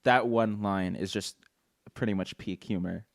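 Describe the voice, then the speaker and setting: A man's voice: lowish voice, steady tone, a little slow, vocal fry, no echo, studio quality. Rambling young man on a casual podcast. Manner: rambling, stammering restarts. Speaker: podcast host. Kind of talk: casual chat.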